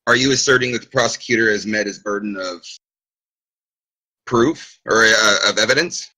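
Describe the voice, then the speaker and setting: A man's voice: fairly low pitch, moderate pace, pushed and bright, poor audio. A man taking part in a practice session over an online voice chat, answering hesitantly and restarting his phrases. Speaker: student. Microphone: online voice chat mic.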